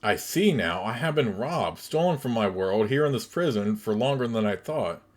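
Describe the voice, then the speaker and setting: A man's voice: medium pitch, expressive, normal speed, close to an everyday voice. A man voicing a young, resolute woman wizard-warrior from a computer game, speaking in formal, old-fashioned phrasing. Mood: shaken.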